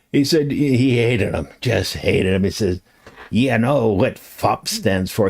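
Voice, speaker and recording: A man's voice: mid-range voice, darkish tone. A man in his sixties hosting a live stream, talking in a rambling, chatty way full of asides. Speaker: host. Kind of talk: casual live-stream talk.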